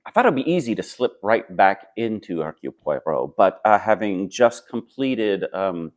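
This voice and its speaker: A man's voice: fairly low pitch, big pitch swings, normal speed. A man who acts on stage, answering interview questions in a friendly, thoughtful way with a clip-on microphone. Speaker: stage actor.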